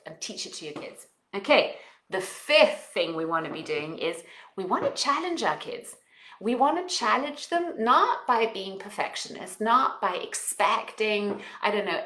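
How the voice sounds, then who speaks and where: Expressive woman coaching, echoey room. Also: mid-range voice. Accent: non-native English accent. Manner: expressive, coaching, with call-and-repeat affirmations. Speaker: parenting coach. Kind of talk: guided self-help talk with exercises.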